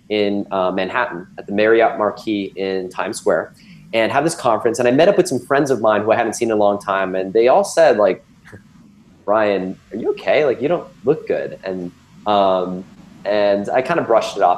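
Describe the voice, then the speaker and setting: A man's voice: fairly low pitch, a little mellow, a little hiss or hum, low-quality recording. Man in his thirties telling his story. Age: 30s. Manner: candid, filler-heavy storytelling with many ums and restarts. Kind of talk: personal storytelling in conversation.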